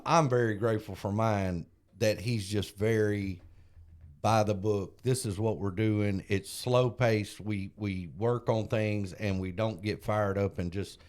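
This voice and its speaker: A man co-hosting a recovery podcast, telling a story in an earnest, casual way and growing animated when he retells conversations. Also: on the low side. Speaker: podcast co-host and sponsor.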